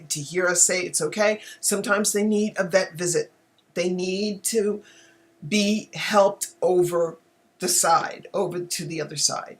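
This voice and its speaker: A woman's voice: fairly low pitch, a bit bright. A woman hosting a live online talk show on animal communication, speaking casually and emotionally, often exclaiming and laughing.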